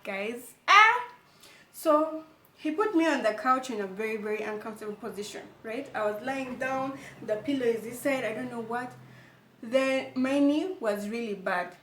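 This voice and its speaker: Lively young woman telling a story. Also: on the high side. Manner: animated storytelling, repeatedly addressing viewers as guys. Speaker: vlogger. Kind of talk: storytime vlog. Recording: echoey room.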